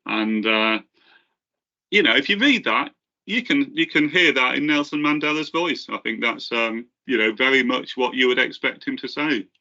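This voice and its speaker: A man walks through a software demo on a webinar, voice bright and a little forceful. He hesitates often, restarting phrases and filling gaps with ums. The call audio sounds slightly dull and lo-fi. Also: medium pitch, animated. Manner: halting, many fillers and restarts. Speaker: presenter from the software team. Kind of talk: webinar presentation.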